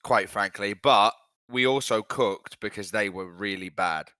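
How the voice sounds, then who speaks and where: A man's voice: fairly low pitch, unhurried, sharp tone, clean tone, no echo. A young man from England, co-hosting a casual football podcast in a blunt, rambling, sweary way. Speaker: podcast co-host.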